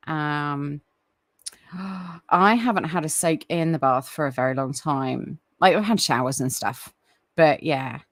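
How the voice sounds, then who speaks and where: Woman on a live stream, slow chatty talk with lots of ums, dry close sound. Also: sits low, no room sound. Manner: chatty, apologetic, many fillers and restarts. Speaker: livestream host. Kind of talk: casual live chat.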